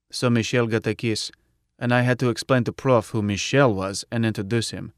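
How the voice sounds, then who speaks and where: A man's voice: mid-range voice, fairly even intonation, brisk, smooth, dry recording, clean studio sound. A man narrating a story in the first person, with blunt, clipped phrasing. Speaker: audiobook narrator.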